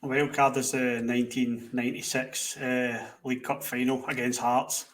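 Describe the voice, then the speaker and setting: A man's voice: medium pitch, moderate pace. A Scottish man on a podcast, telling a rowdy anecdote, acting out quotes and swearing freely. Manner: animated anecdote-teller, acts out quotes, swears. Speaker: podcast co-host. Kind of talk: casual storytelling. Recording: distant mic.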